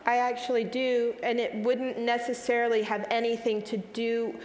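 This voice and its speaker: A woman's voice: fairly high pitch, level tone, normal speed, darkish tone, slight background noise. Female speaker, 40s, live Q&A; earnest, repeats herself for emphasis; roomy hall sound with long echo. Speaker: speaker answering audience questions. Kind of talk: live Q&A talk. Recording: echoey hall with long reverb.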